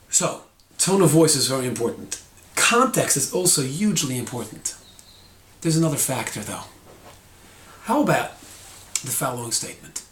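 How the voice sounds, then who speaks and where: A man's voice: mid-range voice, very animated, moderate pace. Man giving a Torah lesson, echoey room. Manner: explanatory, demonstrates tones of voice. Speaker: Torah teacher. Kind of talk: short recorded lesson.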